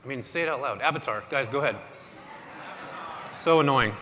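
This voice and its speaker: A man giving an energetic, casual motivational talk to a live audience in a large hall, often quizzing the crowd. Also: medium pitch, a little fast, noisy background. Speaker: conference speaker. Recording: echoey hall with long reverb.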